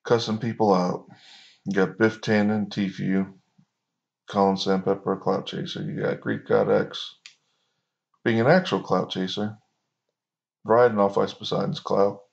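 A man's voice: on the low side, creaky. A man hosting a reaction video, giving sarcastic, mocking commentary. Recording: dull lo-fi recording.

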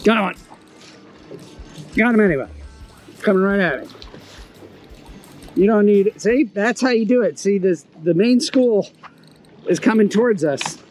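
Excitable high-voiced man fishing from a boat. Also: a little slow, pauses often, faint music behind, poor audio. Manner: enthusiastic, exclaiming, instructive. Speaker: fishing video host. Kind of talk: excited on-the-water fishing commentary. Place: small boat on open water, outdoors.

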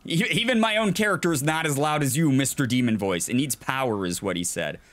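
A man's voice: mid-range voice, lively intonation, brisk, fairly bright tone. A man hosting a let's play, giving casual gameplay commentary, chatty and jokey, reacting aloud and chuckling often.

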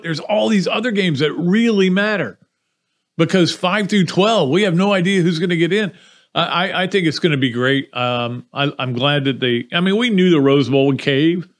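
A man hosting a podcast, giving casual, opinionated sports commentary in a rambling way. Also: a little high. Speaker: podcast host.

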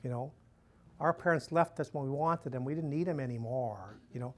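A man's voice: medium pitch, brisk. A man, a missionary priest, giving a conversational talk to a live audience, telling stories and often saying "you know". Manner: chatty, storytelling, acts out quoted dialogue in a raised voice, frequent "you know".

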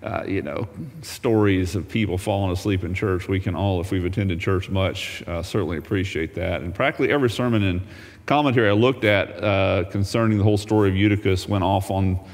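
A man's voice: sits low, fairly quick, in a large hall. A man teaching a Bible lesson as a pastor, folksy and humorous, reading scripture aloud.

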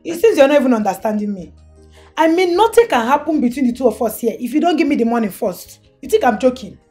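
An actress with a Nigerian accent playing a sharp, money-minded young woman who talks bluntly. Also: high-pitched, big pitch swings, quick pace. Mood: demanding. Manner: blunt, businesslike. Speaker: film actress. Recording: faint film music underneath.

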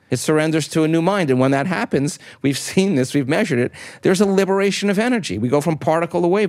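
A man's voice: on the high side, darkish tone, dry recording, studio quality. A middle-aged man, a guest in an interview, explaining ideas emphatically with rhetorical questions and repeated phrasing. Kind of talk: explanatory talk.

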